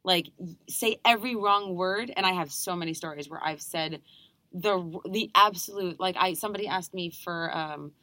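A young woman with an American accent, from New York, talks enthusiastically as an interview's guest performer. Her fairly low voice is pushed and bright, with no room sound. The chat is casual, and she's chatty and eager, making quick restarts.

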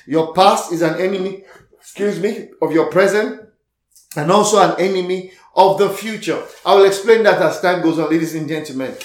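Pastor, male, slightly high voice, preaching to his congregation, lots of repetition, reverberant room. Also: normal speed. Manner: repeats key lines, calls out to the congregation. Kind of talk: sermon.

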